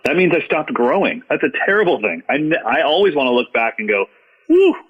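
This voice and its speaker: A man's voice: medium pitch, very animated, fast talker, husky, highs cut off. A man, a drum educator, talking as a podcast guest in an earnest, reflective, self-deprecating way. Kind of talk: casual storytelling conversation.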